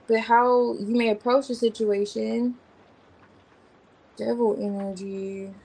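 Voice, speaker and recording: A woman's voice: fairly high pitch, level tone, takes it slowly, creaky, darkish tone, slight background noise, poor audio. A woman giving a casual tarot reading in an informal, slangy way, thinking aloud as she names the cards. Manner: rambling, thinking aloud while naming cards. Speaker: tarot reader.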